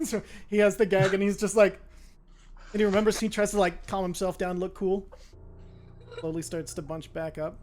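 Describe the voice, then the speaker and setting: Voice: medium pitch, little pitch movement, moderate pace, darkish tone, slight background noise. A player in a tabletop game who describes their character's actions hesitantly, often restarting.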